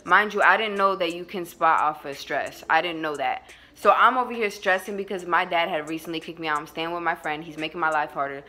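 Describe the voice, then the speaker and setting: A woman's voice: lowish voice, fairly quick, pushed and bright. A young woman vlogger telling a personal story in a casual, slangy way, laughing often as she goes.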